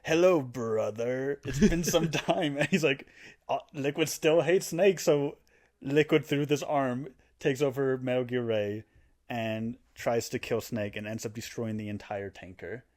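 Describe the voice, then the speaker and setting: A man's voice: mid-range voice, measured pace. A man co-hosting a podcast, casually and animatedly retelling a video game story, now and then putting on character voices. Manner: animated storytelling, acting out character lines with laughs. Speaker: podcast co-host explaining a game plot. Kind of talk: casual chat.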